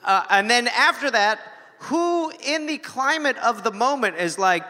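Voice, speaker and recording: A man co-hosting a live comedy podcast, riffing on the story with quick jokes and asides, recorded live in a venue. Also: very high-pitched, animated, bright, forceful tone. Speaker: podcast co-host. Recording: live venue with hall reverb.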